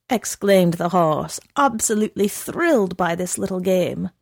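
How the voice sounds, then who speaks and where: A woman narrating a story in a measured reading voice. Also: lowish voice, expressive, vocal fry, darkish tone, no echo, clean studio sound. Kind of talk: audiobook reading.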